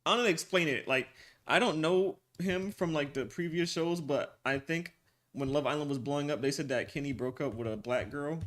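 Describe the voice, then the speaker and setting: A young man streaming live, chatting casually with his viewers in animated slang and laughing often. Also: medium pitch. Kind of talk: casual livestream chat with viewers.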